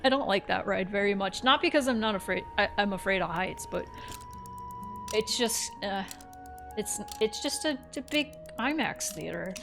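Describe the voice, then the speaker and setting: A woman's voice: mid-range voice, lively intonation, normal speed, creaky, music in the background. A woman in her thirties from Central Florida, telling rambling stories with some swearing as she plays a game. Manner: rambling storyteller, swears, laughs at herself. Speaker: gaming streamer. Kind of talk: casual gameplay commentary.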